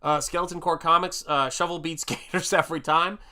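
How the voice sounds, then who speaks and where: A man's voice: on the high side, steady tone, brisk, bright, forceful tone. A middle-aged American man hosting an art livestream, chatting casually and reading viewer comments aloud with lots of exclamations. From United States. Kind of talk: casual livestream chat while painting.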